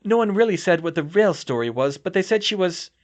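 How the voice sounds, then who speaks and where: A man's voice: high-pitched, expressive, voice pushed up. Man voicing a tearful rambling woman teacher. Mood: rattled. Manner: rambling, halting, broken sentences. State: sobbing.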